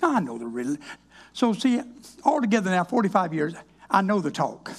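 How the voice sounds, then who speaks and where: Speaking at a moderate pace in a sing-song voice that sits high, an older minister shares his personal testimony sermon-style. His drawling voice is husky and a bit rough, and his plainspoken, folksy talk carries a dry wit.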